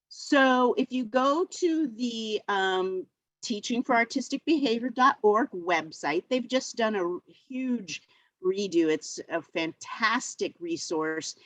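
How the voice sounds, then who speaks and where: A woman's voice: medium pitch, a bit bright, no echo, poor audio. A woman who teaches middle school art, presenting a virtual workshop in a chatty way with many fillers. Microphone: video call.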